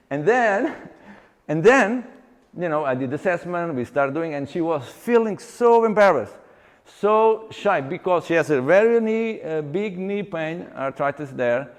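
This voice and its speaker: An exercise coach gives a live seminar talk in a slightly high voice, telling animated stories and acting out conversations with clients. He halts often, restarting sentences and using many fillers. The hall recording has long reverb.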